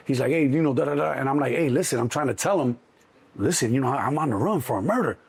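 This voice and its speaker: A middle-aged man with a Chicago accent, telling a story in an interview, animated and swearing freely, acting out the other voices. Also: mid-range voice, fast talker, breathy edge. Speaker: interview guest. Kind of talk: casual storytelling.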